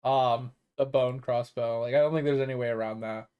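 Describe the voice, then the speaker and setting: Here a man streams a game and talks loosely with viewers, packing his rambling with "like" and "um" fillers and the occasional curse. His voice is mid-range, steady and smooth, moving a little fast through a muffled recording.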